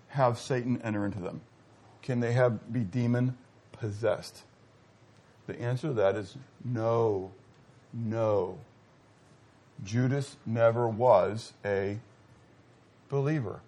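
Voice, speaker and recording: Preaching slowly with long pauses, this middle-aged pastor has a medium-pitched voice. His sermon moves between loud exclamations and quiet asides, and he puts questions to those listening.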